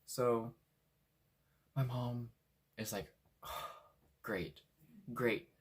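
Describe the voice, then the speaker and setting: A young man from Washington State telling a story in a casual, animated way, swearing freely and acting out what people said. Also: mid-range voice, drawn-out words, heavy background noise. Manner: animated, swears a lot, acts out quotes. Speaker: vlogger.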